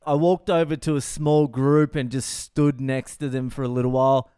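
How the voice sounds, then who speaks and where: A comedian hosting his own podcast, telling a story in a profane, wry, deadpan way with lots of swearing. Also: medium pitch, moderate pace, clear, resonant tone, no room sound, clean studio sound. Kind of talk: comic storytelling monologue.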